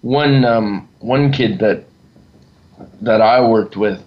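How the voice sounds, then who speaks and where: A man who is a youth leader, telling earnest stories in a casual chat and pausing often to find his words. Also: medium pitch. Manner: earnest, halting storytelling. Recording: dull lo-fi sound.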